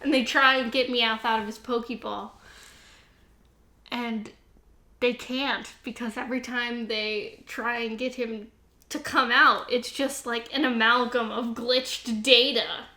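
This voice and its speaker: Bright, laughing woman podcast host. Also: a little high, a little slow, reverberant. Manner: laughing, profane, animated storytelling. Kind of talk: casual comedic retelling.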